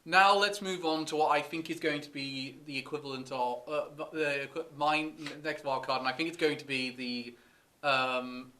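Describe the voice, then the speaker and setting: A man's voice: a little high, steady tone, normal speed, bright, forceful tone, slight background noise. A man hosting a podcast in casual chat, hesitant, with many fillers and restarts. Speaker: podcast host.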